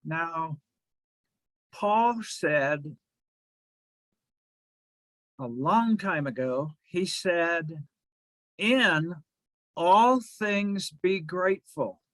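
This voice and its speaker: Preaching in a measured, deliberate rhythm, this man has a fairly high, slightly bright and expressive voice. He leaves pauses between phrases during his sermon, and the close, dry recording has no echo or room sound.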